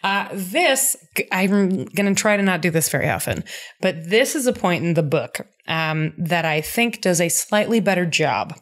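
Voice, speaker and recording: A woman co-hosting a podcast, chatting casually and animatedly as she recaps a TV episode. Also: fairly low pitch. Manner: animated, quick bursts of speech, acts out characters' lines. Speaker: podcast co-host.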